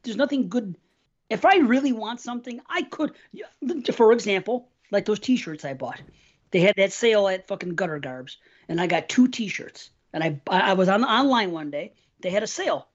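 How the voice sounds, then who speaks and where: A man's voice: high-pitched, lo-fi sound. A man co-hosting a podcast, rambling in casual, heavily profane chat. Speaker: podcast co-host.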